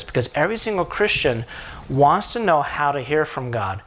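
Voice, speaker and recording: A man's voice: fairly high pitch, animated, fast, a bit bright. A middle-aged male pastor preaching a sermon, telling a story with animation and asking the congregation questions.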